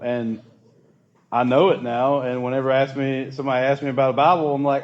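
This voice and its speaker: A man's voice: mid-range voice, steady tone, fairly quick, highs cut off. A man leading a casual church youth group talk, chatty and asking the group questions.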